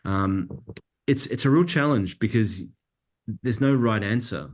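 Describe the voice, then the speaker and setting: A man with a notably low voice answers interview questions in an easygoing, conversational way. He thinks out loud, doubling back on his words as he goes. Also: a little slow. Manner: relaxed, thinking aloud with many restarts. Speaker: cinematographer guest.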